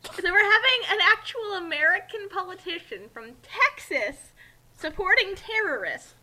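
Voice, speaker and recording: A woman joins a fan-story reading as co-commentator and keeps dropping dry, teasing jabs. Her voice is very high and sharp. Her pitch stays lively. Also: moderate pace. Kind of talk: casual comedic commentary.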